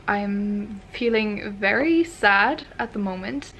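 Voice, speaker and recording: A woman's voice: medium pitch, slow, few pauses, music in the background. A young woman chatting casually as a book vlogger, candid and full of fillers.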